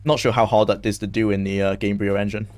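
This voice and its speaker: A man's voice: on the low side, level tone, quick pace, a little mellow. A young man chatting casually on a game stream, laughing often and talking to his chat.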